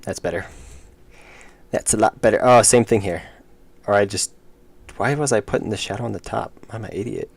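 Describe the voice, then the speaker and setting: A man's voice: fairly low pitch, brisk, creaky, breathy edge. A young man streaming his indie game development, talking casually and muttering to himself with self-deprecating asides as he draws. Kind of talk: casual livestream commentary while drawing.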